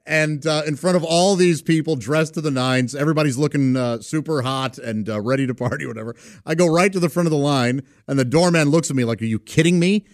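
A man's voice: a little high, fairly quick, hardly any pauses, dry recording, studio quality. A man in his forties telling rambling, self-deprecating stories in a casual chat, often laughing as he goes. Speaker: storyteller. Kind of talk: casual anecdote.

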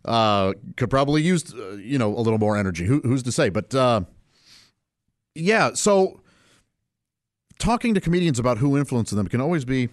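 A relaxed middle-aged male comedian talks at an easy pace in a casual interview, chuckling between thoughts. His voice sits at an ordinary middle pitch. The recording is close and dry, with no room sound. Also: no room sound. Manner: laid-back, unhurried, chuckling often. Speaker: stand-up comedian.

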